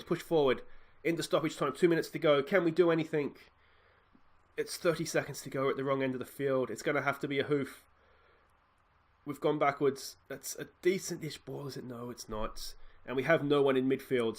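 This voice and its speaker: A man with an Australian accent hosting a game let's play, talking chattily with excitable, self-mocking asides. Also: mid-range voice, normal speed. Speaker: gaming channel host.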